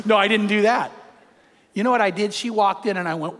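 An older man, a pastor and grandfather, preaching a sermon with animated storytelling and acted-out quotes. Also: sits high, brisk. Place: church hall with long reverb. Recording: reverberant hall.

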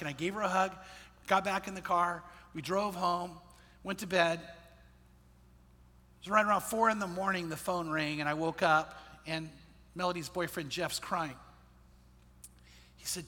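A man, a pastor, telling a personal story in a sermon, earnest and dropping quiet in the sad parts. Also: high voice, fairly even intonation, moderate pace, pauses often, long reverb tail. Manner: earnest storyteller, quotes others in his own voice, drops quiet in sad parts.

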